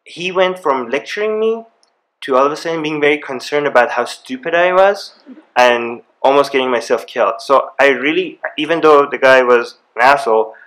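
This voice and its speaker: A man, speaking on a live university panel and telling personal stories with rising excitement. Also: medium pitch, moderate pace, low-quality recording. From Iran. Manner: animated storyteller, grows excited. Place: university event room.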